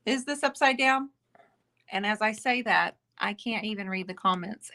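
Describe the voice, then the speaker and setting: At an indoor table away from where she usually works, a woman hosts a laid-back live painting stream close to the camera. Her medium-pitched voice is pushed and bright at a normal pace as she chats and rambles to viewers.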